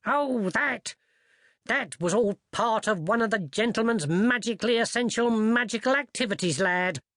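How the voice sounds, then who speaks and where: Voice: medium pitch, lively intonation, normal speed, fairly bright tone, no echo, studio quality, pitched above the performer's own voice. A reader voicing a chatty older working-class university handyman who speaks in a folksy, ungrammatical, self-assured way. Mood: knowing.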